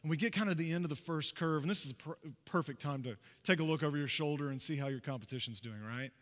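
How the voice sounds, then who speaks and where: A man preaching a sermon as pastor, telling a personal story in a conversational, animated way with asides to the congregation. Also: fairly high pitch, fast talker, long reverb tail. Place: church sanctuary.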